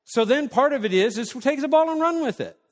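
Male pastor, sermon, high-pitched, emphatic, rhetorical questions, long church-hall reverb. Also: lively intonation, brisk.

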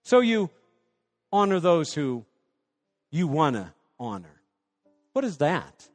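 Man, high voice, passionate sermon, acts out prayers, reverberant hall. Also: sing-song, slow, pauses often. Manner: passionate preaching with acted-out prayers and dialogue. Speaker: pastor.

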